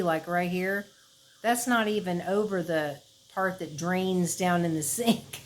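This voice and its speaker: A woman's voice: lowish voice, a little hiss or hum, poor audio. A woman chatting casually to her camera at home, rambling with fillers and laughs. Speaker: vlogger. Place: her house, indoors.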